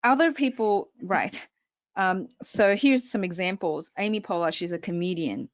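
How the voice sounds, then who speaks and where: A woman's voice: medium pitch, moderate pace, no room sound, highs cut off. A woman public speaking coach presenting an online workshop, talking straight to her audience with frequent check-ins.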